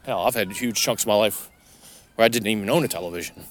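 A middle-aged man hosts a rambling solo podcast from inside a parked vehicle, talking casually and profanely and restarting often. His voice is fairly low and quick, with a little hiss or hum.

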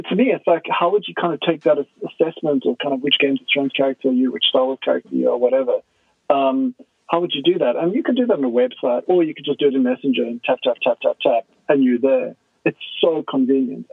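A man as a guest expert, explaining in a casual, animated way and acting out quoted dialogue. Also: mid-range voice, no echo. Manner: animated storyteller who acts out quoted dialogue. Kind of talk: conversational podcast explanation. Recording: tinny phone line, dry.

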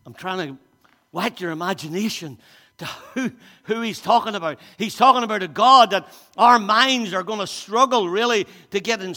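A male pastor with a high, bright, forceful voice delivers an emphatic sermon. He hammers key words through repetition and restarts his phrases, and a long church reverb trails each line. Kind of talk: sermon with scripture reading.

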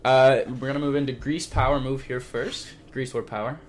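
Young man, podcast co-host, casual rambling chat, slangy and excitable, mid-pitched voice. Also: a little fast, a crowd in the background.

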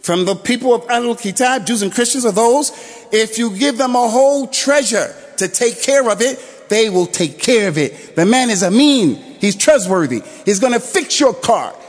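A man giving a Friday sermon as imam, telling a story with animated delivery, breaking into shouted exhortations and quick Quran recitation. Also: very high-pitched. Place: mosque prayer hall. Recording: long hall reverb.

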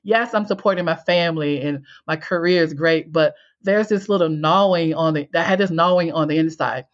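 A woman's voice: deep voice, moderate pace, muffled recording. A woman guest telling her personal story in an interview. She acts out her own past lines and laughs as she tells it. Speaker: guest, coach and speaker.

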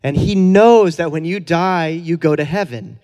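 A man's voice: a little high, unhurried, a little mellow. Man preaching casually in a reverberant hall. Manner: casual, earnest, many fillers and chuckles. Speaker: pastor. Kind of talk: conversational sermon.

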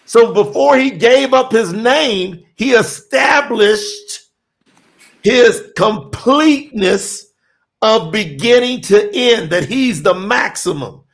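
A middle-aged man with a high, gravelly voice teaching scripture. He talks in an emphatic, preacherly way, often raising his voice to act out the lines he quotes. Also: lively intonation, slow. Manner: emphatic, preacherly, dramatic quoting. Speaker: teacher and telethon host.

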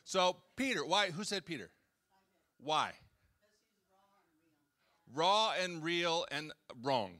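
A man's voice: on the high side, expressive, slow pace, long pauses, bright, forceful tone. A man preaching a casual, conversational sermon, joking with the congregation and acting out quotes. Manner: chatty, jokes and acts out quotes, talks with the audience. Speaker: pastor. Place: church hall.

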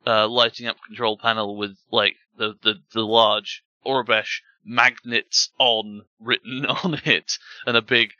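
A man's voice: on the low side, little pitch movement, unhurried, hardly any pauses, bright, forceful tone, no room sound, muffled recording. A man narrating as game master of a tabletop game, rambling with fillers and restarts.

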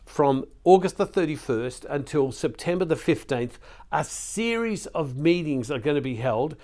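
A man's voice: fairly high pitch, animated, normal speed, darkish tone. A man giving an earnest devotional sermon as a Catholic preacher, pleading with his listeners and often repeating words as he goes. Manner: earnest, pleading, emotional at times.

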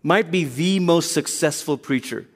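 A male pastor preaches an animated sermon, acting out the quotes as he tells his stories at a slightly slow pace. His voice sits high for a man, and a long church-hall reverb trails each phrase.

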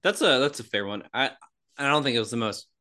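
Bright-voiced easygoing man. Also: medium pitch, animated, quick pace. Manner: easygoing, chiming in with jokes. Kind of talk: casual chat.

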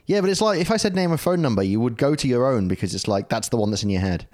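A man's voice: medium pitch, lively intonation, quick pace, a little mellow, no echo, studio quality. A British man co-hosting a casual podcast chat, joking and reading quotes aloud. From Britain. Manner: jokey, laughing, reads quotes aloud. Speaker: podcast co-host.

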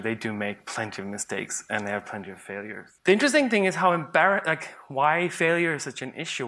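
A man's voice: medium pitch, bright, forceful tone. A man, a psychologist, giving a humorous conference talk, playful and sarcastic, often laughing at his own examples.

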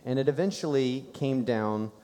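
A man's voice: mid-range voice, moderate pace, dark tone, long reverb tail. A man preaching a sermon in a church, telling a personal story in a conversational way. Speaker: pastor. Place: church sanctuary.

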